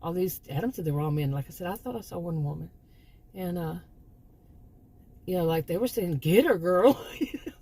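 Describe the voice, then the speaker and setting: Husky, low-voiced woman telling a story. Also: animated, brisk, pauses often, dark tone. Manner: chatty, rambling, with frequent restarts. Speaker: channel host, former sociology teacher. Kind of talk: casual storytelling monologue.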